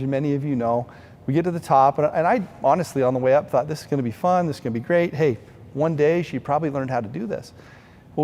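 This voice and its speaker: A middle-aged man tells a heartfelt story to a benefit audience, earnest and sincere. His voice sits a little high yet sounds mellow and soft-edged. A long hall reverb trails behind every phrase. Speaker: benefit event speaker. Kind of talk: storytelling speech.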